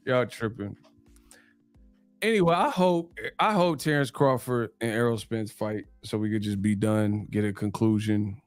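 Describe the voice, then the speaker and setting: A man's voice: medium pitch, no echo. Man, stream host, casual slang, laughing, dry room, faint music behind. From New Mexico, USA. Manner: slangy, laughs often, banters with the chat. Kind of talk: casual live stream chat reading donations.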